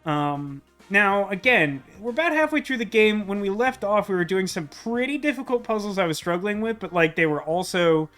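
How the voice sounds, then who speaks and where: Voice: medium pitch, lively intonation, normal speed, hardly any pauses, fairly bright tone, soft background music. A streamer chatting casually and self-deprecatingly while playing a puzzle game, with many fillers. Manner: rambling, self-deprecating, lots of "like". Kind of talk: casual let's-play commentary.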